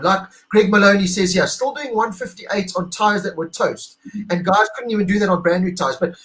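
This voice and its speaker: A middle-aged man from South Africa, co-hosting a casual chat and talking in an emotional, animated, gushing way. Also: high-pitched, low-quality recording. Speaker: podcast co-host.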